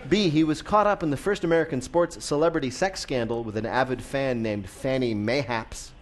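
A man's voice: mid-range voice, fairly quick, a little hiss or hum. A man hosting a radio quiz, reading questions playfully and laughing often. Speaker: quiz show host.

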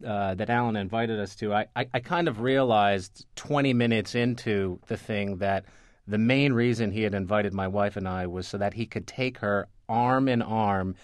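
Low-voiced man telling stories, halting. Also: dry recording, studio quality. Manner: rambling, many restarts and fillers. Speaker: guest, newspaper reporter. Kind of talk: conversational interview storytelling.

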